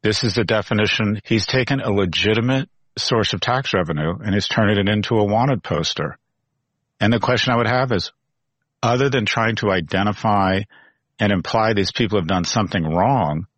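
Husky low-voiced man, indignant. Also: a bit bright, no echo. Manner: indignant, questioning. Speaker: interviewee in a played clip. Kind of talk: interview answer.

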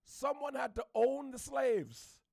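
A man from the Bahamas with a Bahamian accent, ranting to camera in an animated, preachy way, repeating his points. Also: very high-pitched, slow, vocal fry, no room sound, studio quality. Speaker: social media commentator. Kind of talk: opinionated rant to camera.

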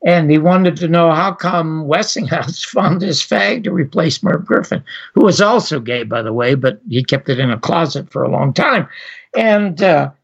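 A man's voice: normal speed, creaky, slightly rough, highs cut off. An older man, a former talk show host, telling a story in an interview, acting out what other people said. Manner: animated, acts out others' lines with raised pitch. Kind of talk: anecdotal storytelling.

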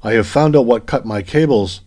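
A man's voice: mid-range voice, normal speed, mellow, natural voice. A man reading the lines of a young male scientist, earnest and pressing. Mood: urgent.

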